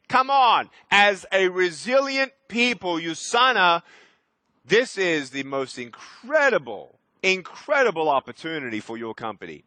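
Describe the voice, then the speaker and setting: An energetic man in his thirties delivers a motivational keynote, his high, bright voice ringing out as he punches key words and bursts into loud calls. The sound is dry and close, with no room around it. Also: moderate pace, no echo. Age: 30s. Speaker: motivational speaker. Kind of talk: keynote speech.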